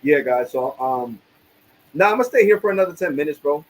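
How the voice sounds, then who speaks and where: A young man rants angrily on a casual live stream, cursing a lot and repeating himself. His voice is a little high, animated and fairly quick, in a low-quality recording.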